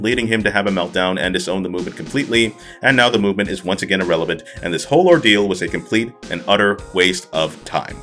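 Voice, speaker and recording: Blunt, fast-talking male commentator. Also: deep voice, fairly bright tone. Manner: blunt, scornful. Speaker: commentary host. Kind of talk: critical commentary.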